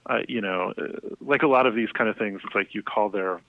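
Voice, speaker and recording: A man's voice: lowish voice, fairly quick, no echo. Rambling man on a tinny phone line. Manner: rambling, animated storyteller with many fillers. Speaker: guest, music writer. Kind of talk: casual phone conversation.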